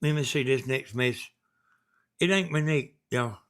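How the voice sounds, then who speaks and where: A man's voice: mid-range voice, moderate pace, a bit bright. A man with a Southern US accent hosting a casual live stream, reading viewer messages and rambling in a folksy way.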